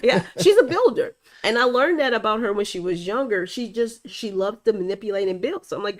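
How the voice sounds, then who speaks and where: A woman's voice: mid-range voice, animated, a little fast, hardly any pauses. A middle-aged woman hosting a faith-based interview show over a video call, effusive and encouraging, closing with a blessing. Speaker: host. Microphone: streamed video call.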